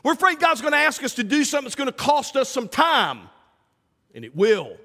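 A man preaching a sermon as pastor, swinging from loud calls to hushed asides. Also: extremely high pitch, wildly swooping pitch, a little fast. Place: church sanctuary. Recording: church sanctuary with long reverb.

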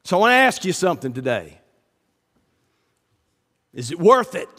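A middle-aged pastor preaching with a slightly high, ringing voice. He speaks emphatically, leaps upward when he quotes and slows down to read scripture. His voice carries a long reverb through a church sanctuary. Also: sing-song, a bit bright. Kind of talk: sermon.

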